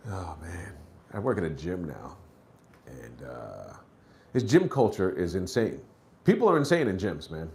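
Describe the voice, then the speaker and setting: A man doing a stand-up comedy set, acting out characters in high shouted voices and dropping to low mutters between bits. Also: big pitch swings, unhurried, vocal fry.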